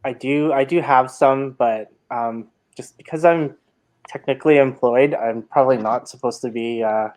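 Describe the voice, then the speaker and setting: Man, casino dealer guest, hesitant and halting. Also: medium pitch, a little mellow. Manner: hesitant, full of fillers. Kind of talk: casual storytelling on a live stream.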